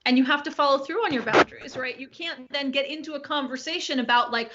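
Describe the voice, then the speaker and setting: A woman co-host and coach chatting casually on a live stream, quick and laughing often. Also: high voice, very noisy. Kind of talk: live-streamed talk show chat. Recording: dull lo-fi stream audio.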